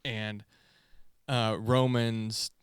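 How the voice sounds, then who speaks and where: A man's voice: on the low side, flat delivery, drawn-out words, smooth, no echo, clean studio sound. A man co-hosting a podcast, telling long rambling stories in casual chat and swearing freely. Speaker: podcast co-host.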